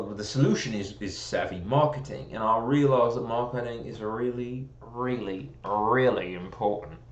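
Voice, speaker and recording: With his fairly low voice and the highs cut off in an echoey room, an American man rambles casually. He pokes fun at himself and jokes about drifting into a posh British accent.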